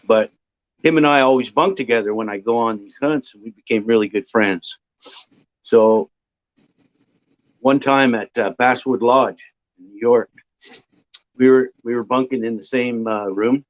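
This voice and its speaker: A man from Ontario, a guest casually telling a long, rambling anecdote with filler pauses. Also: medium pitch. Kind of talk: casual storytelling. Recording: dull lo-fi audio.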